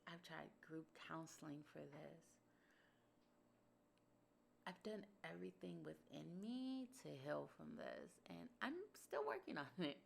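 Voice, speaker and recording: A woman's voice: sits low, vocal fry, slight background noise. A woman hosting a podcast, talking through a personal reflection in an earnest, emphatic way and repeating phrases for stress. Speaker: podcast host.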